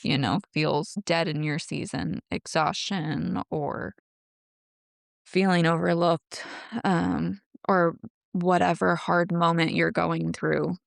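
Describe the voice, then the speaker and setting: A woman co-hosting a faith podcast, speaking in a gentle, reflective way. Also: on the low side, flat delivery, slow, creaky, dry recording, studio quality. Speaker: podcast co-host. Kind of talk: casual faith chat.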